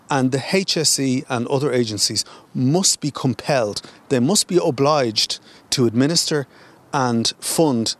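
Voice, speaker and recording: An Irish politician speaks in an interview with a mid-range voice. He builds impassioned, forceful criticism, pausing with occasional fillers. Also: mid-range voice. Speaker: senator. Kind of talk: news interview.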